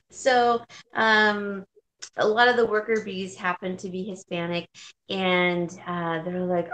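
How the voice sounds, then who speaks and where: A woman's voice: fairly low pitch, steady tone, slow, a bit bright, reverberant. A woman, a guest on a chat show, telling stories about her work in a chatty way with fillers and laughs. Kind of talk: casual chat.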